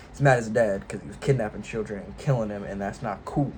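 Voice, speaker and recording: A man's voice: lowish voice, fast talker, a little mellow, a little hiss or hum, rough recording. A man casually retelling a game series' story in a rambling, offhand, irreverent way, full of loose jokey paraphrase. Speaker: video host.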